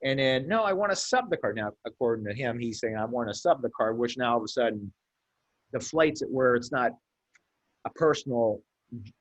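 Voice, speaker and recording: A man in casual discussion, talking at a middle pitch. He rambles, starts over and repeats words, and now and then acts out the voices of the people he describes. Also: fairly even intonation, normal speed, muffled recording. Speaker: officials association president.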